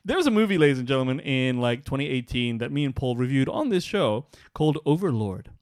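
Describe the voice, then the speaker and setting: A man co-hosting a casual podcast chat, excitable and squeamish, breaking into loud exclamations and laughter. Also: medium pitch, quick pace, no echo, studio quality. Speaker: podcast co-host.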